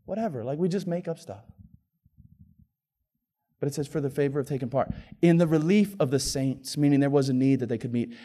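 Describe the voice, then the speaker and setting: A man pastor preaching a sermon in a conversational way, dropping to hushed pleading and climbing to loud, excited passages. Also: mid-range voice, brisk, long pauses. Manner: conversational, with filler and repeated words.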